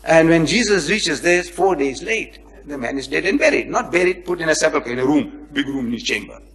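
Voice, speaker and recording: A man gives a religious lecture, reading verses and explaining them with dramatic emphasis, rhetorical questions and acted-out quoted speech. He moves between loud emphasis and near-whispered asides in a highish, animated voice at a fairly quick pace. The audio is poor.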